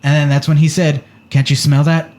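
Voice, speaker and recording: Animated storytelling man, fairly high voice. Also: fairly quick, background noise. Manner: animated, acts out quotes. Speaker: podcast co-host. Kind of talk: casual storytelling.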